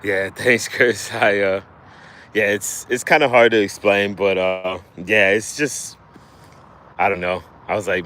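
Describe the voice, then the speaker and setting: A man hosting a casual livestream outdoors while fishing, talking in a relaxed, halting way with lots of fillers and restarts, a little out of breath. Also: sits low, a little hiss or hum. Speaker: livestream host.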